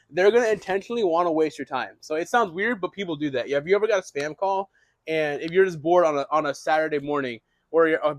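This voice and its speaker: A young man giving a casual, energetic real estate lesson, restarting phrases and swearing now and then. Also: a little high, dry recording. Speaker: real estate wholesaling instructor.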